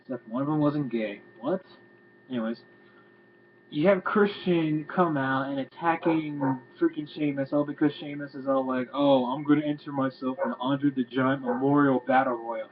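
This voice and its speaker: A man rants through a casual video review, rambling and exasperated and cursing freely. The sound is thin and tinny, like a phone line. A faint hum runs underneath. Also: mid-range voice. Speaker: wrestling reviewer.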